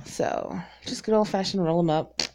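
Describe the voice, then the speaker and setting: Her fairly low voice is warm and moves at a moderate pace as this vlogger, about forty, talks openly with viewers, wandering between topics, laughing frequently, and making fun of herself. She is from North Carolina and was brought up in Virginia.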